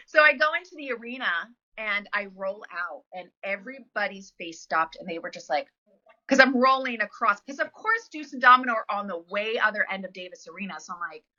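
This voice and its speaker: A woman tells a long story in a relaxed interview, chatty and full of fillers, slipping into the voices of people she quotes. Her voice is bright and sharp at a mid pitch. The recording sounds dull and lo-fi. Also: moderate pace. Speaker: podcast guest, former wrestler.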